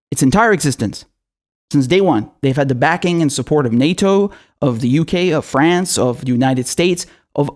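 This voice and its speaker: Commentator, male, high voice, furious and sweary, sarcastic rant. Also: a little mellow. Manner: furious, profane, sarcastic, repeats himself; mocking mimicry in asides. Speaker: political commentator. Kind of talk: angry political rant to camera.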